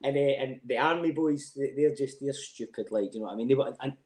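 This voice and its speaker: A middle-aged man with a broad Scottish accent, yarning in casual chat, swearing often and laughing through his own tales. His voice sits at an ordinary middle pitch. The room around him is roomy and echoey. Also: fast, darkish tone. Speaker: podcast guest.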